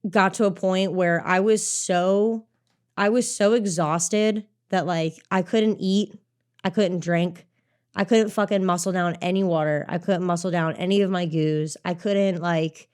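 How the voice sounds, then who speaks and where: A young adult woman, a racer and coach, telling an animated race story in casual podcast chat, swearing freely and saying "like" a lot. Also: on the low side, measured pace, clear, resonant tone. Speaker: obstacle course racer and coach.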